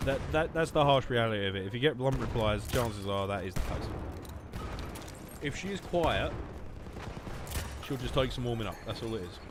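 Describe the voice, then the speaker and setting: A man's voice: mid-range voice, animated, moderate pace, pauses often, noisy background. A young man hosting a gaming channel, rambling through joking, sarcastic commentary and laughing often. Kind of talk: casual gameplay commentary. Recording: clear game gunfire behind voice.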